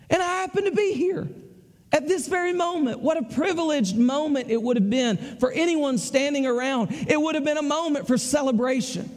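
A man's voice: extremely high pitch, moderate pace, long reverb tail. A man with a Southern US accent preaching a sermon in a folksy, conversational way, repeating his phrases. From American South.

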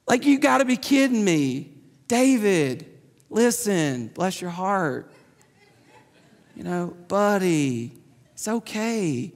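A man's voice: high voice, big pitch swings, slow, long pauses, voice pushed down, heavily acted. A man voicing a patronizing king who talks down to a boy, soothing and condescending. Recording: long hall reverb.

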